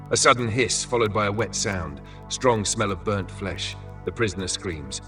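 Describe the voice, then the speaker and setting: Bright-voiced male narrator over faint music. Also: on the low side, lively intonation, moderate pace, hardly any pauses, far from the mic. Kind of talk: scripted dramatic story narration.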